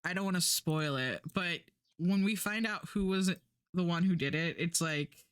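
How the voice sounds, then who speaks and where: A woman's voice: fairly low pitch, expressive, unhurried, a bit bright, clear, resonant tone, no echo, studio quality. A woman streamer chatting casually, rambling and swearing, acting out the lines she quotes. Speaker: Twitch streamer.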